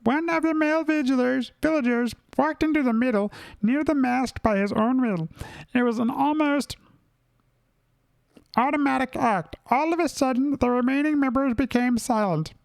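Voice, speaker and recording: A nervous, high-strung explorer reading his diary in a thin, lifted voice, as a man puts him on while playing a game. The delivery is dramatic and breathless, and it sounds close and dry with no room around it. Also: moderate pace, creaky, no echo. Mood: alarmed.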